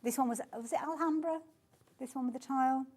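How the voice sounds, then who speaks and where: High-pitched and brisk with a darkish tone, this woman hosts a live fabric sale in a TV studio. As a shopping channel presenter she chats and gushes, praising every design and constantly calling them beautiful.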